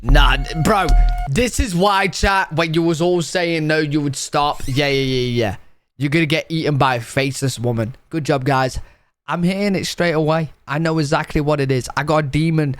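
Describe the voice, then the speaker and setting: A man's voice: on the high side, moderate pace, a bit bright, no room sound, faint music behind. A British man, a streamer, giving casual live reaction commentary, joking and swearing as he talks to his chat. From United Kingdom.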